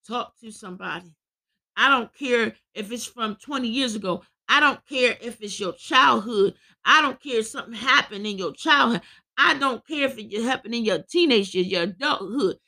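A woman preaching with fervor, quoting scripture and shouting as she exhorts her listeners. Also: a little high, lively intonation, moderate pace. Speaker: podcast preacher.

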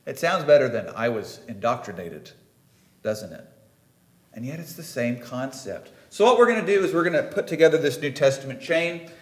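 The church's roomy echo surrounds a preacher whose voice is on the high side, expressive and fairly quick. Delivering his sermon conversationally and emphatically, he keeps checking in with the congregation and putting questions to them.

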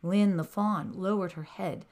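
A woman narrating a children's bedtime story in a gentle, expressive way. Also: lowish voice, measured pace.

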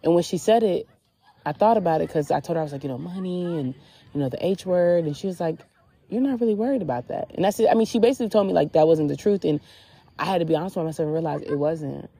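A woman hosting a podcast outdoors on a beach talks fast in a deep, gravelly, warm and husky voice. Her take on spiritual reflection is candid and casual, and "like" pops up constantly as filler.

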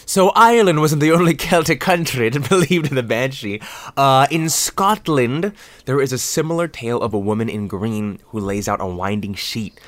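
A man's voice: mid-range voice, moderate pace, a bit bright, dry recording. A man co-hosting a podcast in casual chat, laughing often and swearing freely as he jokes through his asides. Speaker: podcast co-host.

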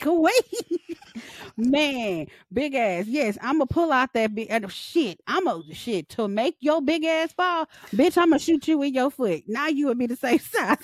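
A young woman co-hosting a podcast, with a high voice that leaps around as she rants. She roasts people with nonstop profanity and laughter. Her voice sounds close and dry. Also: dry recording. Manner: loud, profane, joking and ranting. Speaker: podcast co-host. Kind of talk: casual chat.

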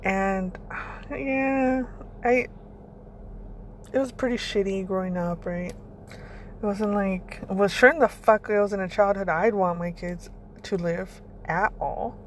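A young woman talks straight to her listeners in a loose, rambling motivational monologue. She is blunt and swears freely, restarting her sentences as she goes. Her voice sits at a middle pitch over a faint background hiss. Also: fairly even intonation, slow pace. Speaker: podcast host.

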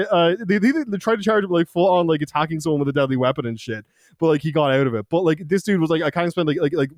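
A man's voice: fairly high pitch, a little mellow, no room sound, studio quality. Swearing young Irish man telling stories. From Ireland. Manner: swearing, laughing, loose anecdote telling with acted-out quotes. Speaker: podcast co-host. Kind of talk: casual storytelling chat.

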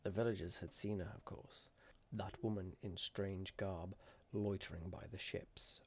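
Guy narrating a fantasy story, deliberate pacing, kinda low voice. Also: creaky, a little mellow, slightly rough. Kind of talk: dramatic story reading.

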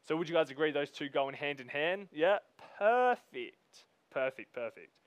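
Guy preaching, reads verses slow then chats casually with the crowd, crisp voice. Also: on the high side, dry recording. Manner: reads scripture slowly, then talks to the congregation in a casual, emphatic way. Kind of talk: sermon.

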